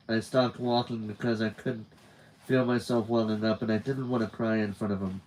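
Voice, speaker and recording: A man's voice: fairly low pitch, level tone, moderate pace, darkish tone, rough recording. A man reading a novel aloud, with occasional stumbles and restarts. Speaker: reader.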